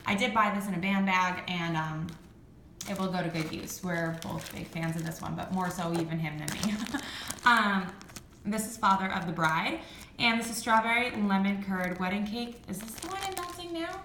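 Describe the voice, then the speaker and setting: A woman's voice: medium pitch, moderate pace, sharp tone, echoey room, a little hiss or hum, rough recording. A woman chatting casually in a home vlog, rambling with frequent ums and likes. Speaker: vlogger reviewing wax melts. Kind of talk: casual chat. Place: home room with high ceilings.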